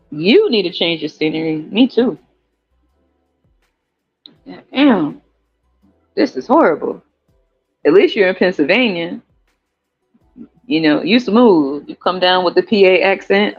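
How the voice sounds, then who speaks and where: A man with an American country accent hosting a casual livestream chat, animated and profane, laughing often and jumping into high squeals. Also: measured pace, long pauses. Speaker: podcast host. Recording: dull lo-fi audio with faint music.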